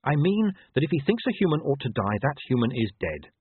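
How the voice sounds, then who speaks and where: Male reader plays a blunt young werewolf woman, dry and sarcastic; tinny, husky lo-fi take. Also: mid-range voice, sing-song, brisk, no echo, pitched above the performer's own voice. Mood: sardonic.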